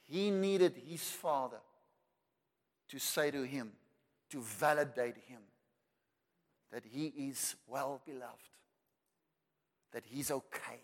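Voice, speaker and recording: A South African man preaching a sermon with emphasis, repeating words for effect and building to loud declarations. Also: mid-range voice, takes it slowly, pauses often. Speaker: pastor. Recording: long reverb of a large hall.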